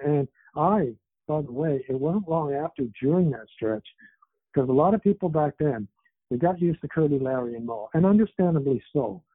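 Heard over a tinny phone line, this interview guest is a 70-something author born in England and raised in Canada, chatting casually in a rambling way with many fillers. He has a slightly rough mid-range voice, with no room sound.

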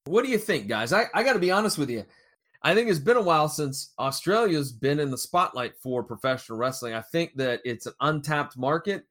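Animated male podcast host. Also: on the high side, fairly quick. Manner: animated, jumps between loud and quiet. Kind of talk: casual wrestling news chat.

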